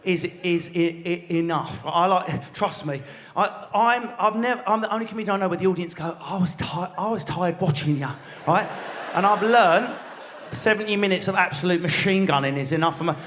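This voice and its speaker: A man in his forties with an Essex accent doing a crude, rapid-fire stand-up routine on a theatre stage, leaping into squeaky voices. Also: slight background noise. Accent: Essex English. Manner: rapid, animated, crude riffing with squealed voice jumps. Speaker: stand-up comedian.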